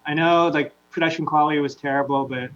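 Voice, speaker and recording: A man's voice: a little high, fairly even intonation, fast talker, a bit bright. An easygoing man from Canada chats on a panel show about sports he's enjoyed. His audio is dull, with a faint mains hum underneath. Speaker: panel guest. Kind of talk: casual panel chat.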